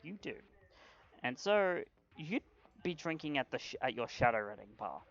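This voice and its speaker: A man's voice: on the high side, sing-song, normal speed, gravelly, fairly bright tone, highs cut off. A man narrating a tabletop role-playing game as game master, in a casual way with frequent restarts.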